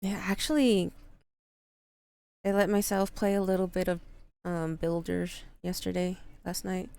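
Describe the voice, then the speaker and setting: A woman's voice: fairly low pitch, steady tone, a little slow, vocal fry, mellow, smooth, dry recording. A woman streaming live, chatting casually with her viewers, greeting them and laughing often. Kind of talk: casual livestream chat.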